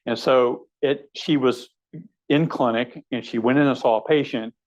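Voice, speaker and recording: A man's voice: mid-range voice, steady tone, normal speed, a little mellow, highs cut off. A man, a surgeon, giving a conversational teaching lecture, wry and anecdotal with frequent fillers. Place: lecture hall.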